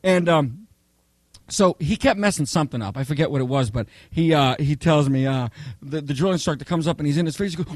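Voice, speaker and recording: A man preaching a sermon, telling lively personal stories and often checking in with "okay?" and "right?". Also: fairly high pitch, fairly quick, no room sound. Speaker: pastor.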